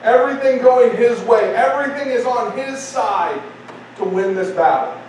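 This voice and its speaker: A man's voice: very high voice, normal speed, a little mellow, far from the mic, a little hiss or hum. A man preaching a sermon in a church, conversational and repetitive, building emphasis. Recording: very echoey church hall from afar.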